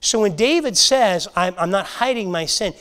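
A man teaching a Bible lesson to a church class, earnest and halting, often restarting his sentences. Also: high-pitched, lively intonation, pushed and bright. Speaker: Sunday school teacher.

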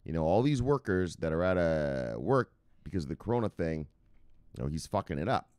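A man hosting a casual livestream. He swears a lot, jumps into loud bursts and keeps repeating the same catchphrases. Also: deep voice, sing-song, fairly quick, smooth, no echo, studio quality. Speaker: livestream host.

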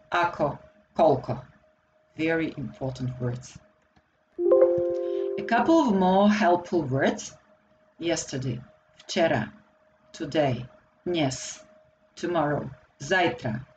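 A woman with a Slovak accent, a native Slovak speaker, teaching a slow and deliberate grammar lesson for beginners in English. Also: sits low, dull audio, slight background noise. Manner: slow and deliberate, repeating words for learners. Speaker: language teacher.

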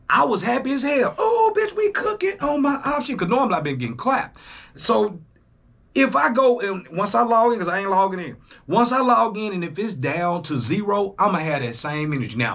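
A young man, hosting a reaction channel in a casual, profane monologue that swings between loud jabs and low asides. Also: big pitch swings, quick pace. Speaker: YouTube reaction host.

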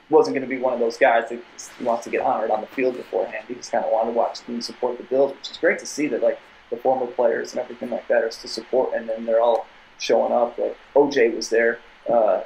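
A man's voice: medium pitch, creaky, a little mellow, low-quality recording. A young man, a podcast guest, telling a long casual story with many tangents and restarts. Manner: rambling, tangents, repeated restarts.

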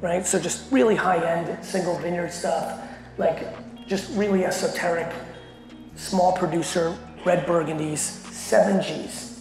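Gravelly, high-voiced man in an echoey hall. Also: a little slow. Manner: blunt, animated, swears constantly. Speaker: keynote speaker. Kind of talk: profane storytelling talk to a company audience. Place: large hall at a company event. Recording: echoey hall with faint music.

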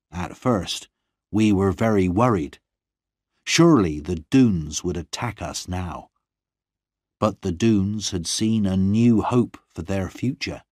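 A man with a very low, deep voice narrates a first-person story at a slow, measured pace. His reading is calm and even. The sound is dry and close to the mic, with no room around it. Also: no room sound. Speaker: audiobook narrator.

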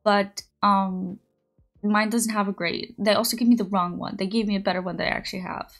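A young woman streaming, chatting casually and rambling through a story, with high squeals when she greets viewers. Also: steady tone, a little fast, soft background music. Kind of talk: casual chat.

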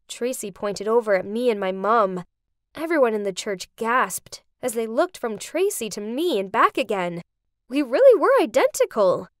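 A young woman narrating an animated story in the first person, dramatic and expressive. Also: on the high side, moderate pace, dry recording, clean studio sound.

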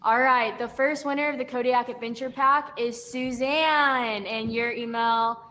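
A young woman hosting a live stream, chatting warmly as she runs through prizes and picks winners. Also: fairly high pitch, steady tone, a little slow. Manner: friendly, chatty, listing prizes. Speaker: brand event host.

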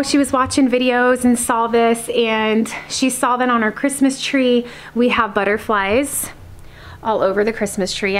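Chatty woman vlogging at home. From Alaska. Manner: chatty and warm, talks to her cat in a high coo. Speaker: homestead vlogger. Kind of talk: casual vlog chat to viewers. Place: at home indoors.

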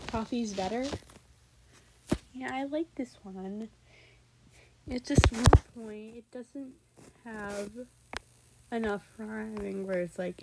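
A young woman reacting to her old raps in a casual, rambling way, switching between loud outbursts and mumbled asides. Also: on the high side, lively intonation, unhurried, creaky, pauses often, background noise.

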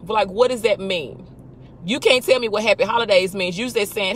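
This host is a woman with a mid-range voice and moderate pace, recorded with a little hiss or hum. She leads a casual faith talk, speaking emphatically, firing off rhetorical questions, and talking back to imagined people.

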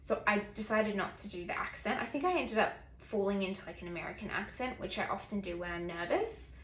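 A woman's voice: mid-range voice, brisk, a little hiss or hum. A woman vlogger telling a personal story in a casual, chatty way, full of "like" fillers. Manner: chatty, filler-heavy, lots of "like". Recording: echoey room.

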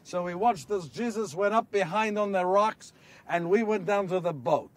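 A man's voice: high voice, far from the mic, natural voice. A man playing an earnest apostle who recalls miracles in a first-person monologue, telling the story and asking his listeners questions, recorded outdoors. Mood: urgent. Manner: storytelling, rhetorical questions to listeners, builds to shouts. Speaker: actor in a one-man biblical monologue. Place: outdoors on location.

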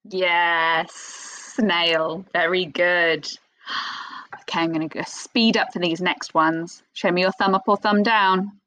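A woman teaching young children a phonics lesson, speaking in an expressive sing-song teacher voice with little gasps of excitement. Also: lowish voice, takes it slowly, no room sound, low-quality recording. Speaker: primary school teacher.

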